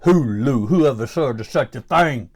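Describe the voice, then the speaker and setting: With a mid-range voice that's animated yet measured in pace, a man performs a cranky older Southern grandpa with a Louisiana accent who's sick of gadgets. The comic rant is folksy and grumbling, full of exasperation that builds to indignant outbursts.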